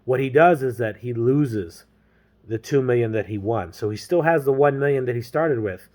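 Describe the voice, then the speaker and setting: A man's voice: mid-range voice, moderate pace, darkish tone. A man retelling a novel in a casual, rambling way, full of slang and fillers. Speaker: storyteller. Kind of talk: casual book recap.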